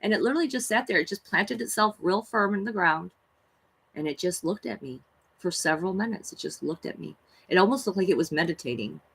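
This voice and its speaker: A woman's voice: lowish voice, animated, fairly quick, vocal fry, fairly bright tone, husky, poor audio. A woman who streams tarot readings tells spiritual stories in a casual, rambling, chatty way, full of fillers and gushing awe. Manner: gushing and awed when she talks about animals. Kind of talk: casual spiritual storytelling on a livestream.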